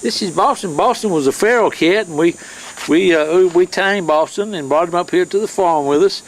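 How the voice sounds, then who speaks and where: A man's voice: sits high, normal speed, slight background noise, rough recording. A man from the hosting a show on his farm, talking in a chatty, rambling way with many fillers and restarts. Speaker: host. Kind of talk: casual folksy chat.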